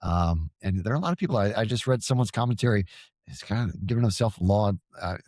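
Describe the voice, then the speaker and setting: A man's voice: fairly low pitch, lively intonation, quick pace, a little mellow, no room sound. A man talking as a guest on a podcast, rambling and earnest, often stammering and restarting. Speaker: podcast guest, paranormal field researcher. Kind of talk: casual podcast conversation.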